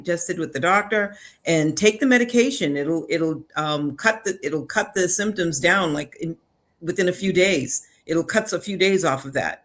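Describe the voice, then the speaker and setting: Male health guest, earnest and practical, a bit higher-pitched. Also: fairly bright tone. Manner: earnest advice, light laughs. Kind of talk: casual health discussion.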